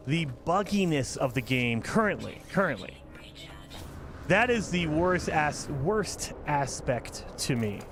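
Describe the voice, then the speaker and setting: A man giving casual gameplay commentary as a channel host, talking in an animated, exasperated rant. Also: a little high, background noise.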